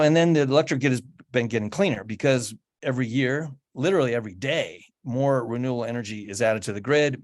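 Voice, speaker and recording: A man with a fairly low voice talks his audience through a slide presentation. He explains things plainly and often stops to restart a sentence as he goes. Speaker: guest speaker on home electrification.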